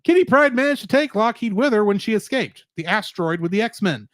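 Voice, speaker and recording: Animated guy podcasting, high voice bouncing all over, dry close mic. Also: brisk, no echo. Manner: animated, laughs often, trails into jokes. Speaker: podcast co-host. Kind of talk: casual review chat.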